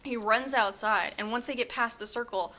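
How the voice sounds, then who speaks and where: A woman podcast co-host casually recapping a movie plot, animated and full of fillers, acting out the characters' lines as she goes. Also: fairly high pitch, moderate pace.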